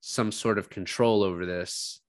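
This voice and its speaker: A man's voice: on the low side, fairly even intonation, measured pace, no echo. A man co-hosting a casual film chat, rambling and swearing freely as he retells scenes. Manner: rambling, profane, acts out quotes. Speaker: podcast co-host discussing a film.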